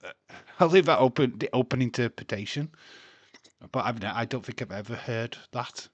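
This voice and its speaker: A man's voice: mid-range voice, expressive, normal speed, no room sound. A man streaming a live watchalong, chatting casually with crude jokes and frequent laughs. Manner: crude, jokey, laughs often.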